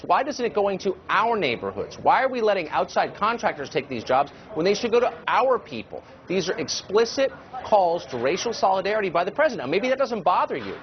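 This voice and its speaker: A man pressing his case with an insistent, emphatic delivery, his pitch climbing and dropping in lively swings. His voice sits a little high for a man. The broadcast audio is slightly dull, with a faint hiss under it. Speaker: political commentator guest. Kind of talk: heated cable news debate.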